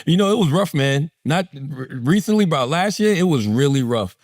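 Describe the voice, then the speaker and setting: A man with a high voice that swings all over the place as he cracks crude jokes on a podcast. He laughs a lot and keeps the banter loose and animated. The sound is dry and close. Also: moderate pace, dry recording. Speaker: podcast co-host. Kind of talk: casual comedic banter.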